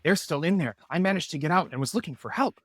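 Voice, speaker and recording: A man's voice: a little high, lively intonation, fast, no echo, studio quality, pitched above the performer's own voice. A man voicing a tiny, naive newly hatched bird with a breathless, innocent manner. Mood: frightened, relieved.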